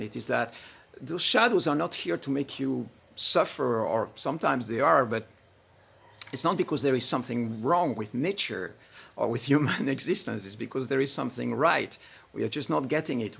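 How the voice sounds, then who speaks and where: Gravelly-voiced man teaching a webinar. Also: medium pitch. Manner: animated, acts out shouted quotes. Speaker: tantra teacher.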